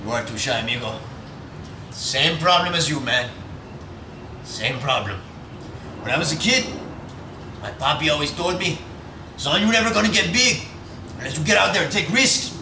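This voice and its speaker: A man's voice: on the high side, animated, normal speed, pauses often. A teenage boy in a student film playing a cocky Cuban schoolmate who mixes in Spanish words and boasts like a mentor. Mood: boastful. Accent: put-on Spanish-tinged. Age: teens. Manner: swaggering, sprinkles Spanish words. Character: cocky Cuban cigar-smoking male schoolmate, swaggering mentor. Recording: echoey room, distant mic, faint hiss.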